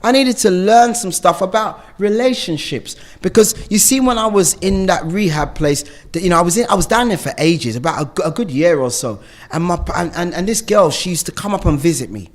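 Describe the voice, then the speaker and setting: Man, middle-aged, high voice, animated storytelling, laughs often. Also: a little fast. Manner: animated storytelling with frequent laughs and rhetorical questions. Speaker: recovery speaker. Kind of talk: personal recovery share.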